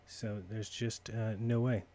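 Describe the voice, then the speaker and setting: A man with a lowish, dark voice speaks slowly and flatly. He's hosting a live call-in stream, chatting casually and muttering to himself as he sorts out his call settings.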